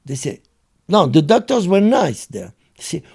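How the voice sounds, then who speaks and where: A man's voice: high voice, big pitch swings, normal speed, creaky, darkish tone, husky. An older man, telling a story as an interview guest, acting out other people's voices and laughing often. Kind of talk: animated storytelling.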